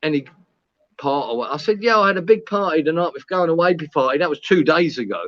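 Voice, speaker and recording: A man's voice: fairly high pitch, animated, fast talker, bright, forceful tone, dry recording, lo-fi sound. A man telling a story in casual chat, swearing, laughing and acting out what people said. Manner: swearing, laughing, acts out quoted lines. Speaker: co-host.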